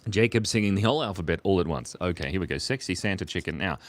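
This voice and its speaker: A man's voice: sits low, expressive, fast talker, a little hiss or hum. A young man on a casual live stream, drawing while chatting playfully, reading chat messages aloud and laughing often. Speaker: livestream artist drawing for chat.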